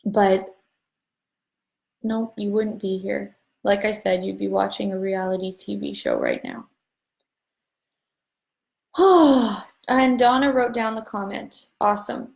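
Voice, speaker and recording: A woman's voice: medium pitch, very animated, slow, gravelly, long pauses, echoey room. A woman leading a voice class, giving a chatty, upbeat motivational talk to an online audience and rambling along with casual swearing. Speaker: voice class facilitator.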